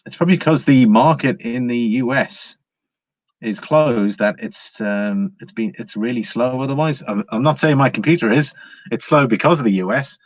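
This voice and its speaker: An Englishman hosts a casual livestream about precious metals, offering chatty market commentary full of fillers and greeting viewers by name as he reads the chat. His voice is medium-pitched at a normal speed, captured in a dry, slightly dull home recording.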